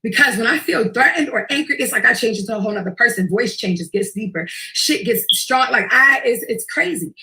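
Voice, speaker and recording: A woman, telling a personal story in a profane, intense and animated way. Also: a little high, brisk, hardly any pauses. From Queens, New York. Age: early 20s.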